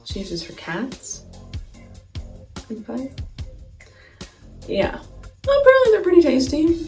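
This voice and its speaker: A woman's voice: mid-range voice, vocal fry, darkish tone. A young woman telling a story in a casual, chatty way, full of "like" and giggles, while doing her makeup. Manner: chatty, many "like" fillers, giggling. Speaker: vlogger. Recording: echoey room, far mic, faint music.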